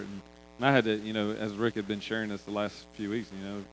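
A man's voice: fairly low pitch, level tone, fast, a bit bright, a little hiss or hum, rough recording. A man speaking casually and reflectively at the close of a church talk. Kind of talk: sermon reflection.

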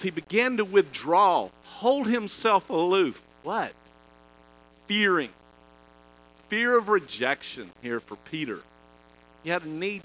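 Guy preaching, lively and folksy, bright forceful voice, goes loud then drops low. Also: slight background noise, poor audio. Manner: animated, swings between loud emphasis and low asides; chatty, folksy, repeats and restarts phrases. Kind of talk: sermon with personal stories.

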